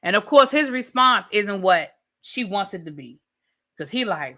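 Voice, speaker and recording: Bright-voiced sassy woman ranting. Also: medium pitch, a little slow. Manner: animated, sassy, blunt with profanity. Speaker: TV show reviewer. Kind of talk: casual rant review.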